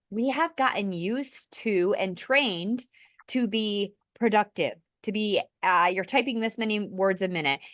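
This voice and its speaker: A woman hosting a casual podcast conversation, earnest and animated, laughing lightly between points. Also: mid-range voice, no room sound, clean studio sound. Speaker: podcast host.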